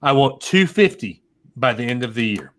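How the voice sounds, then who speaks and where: A man's voice: mid-range voice, big pitch swings, normal speed, a bit bright. A man co-hosting a podcast in casual, jokey chat, often stumbling over his words. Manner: jokey, stammering restarts, sings silly bits. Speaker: podcast co-host.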